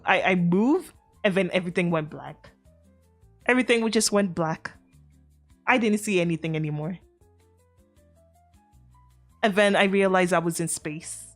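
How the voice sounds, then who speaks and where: A woman streamer telling a casual, rambling story to her chat, full of fillers, restarts and the odd swear word. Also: fairly low pitch. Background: faint background music.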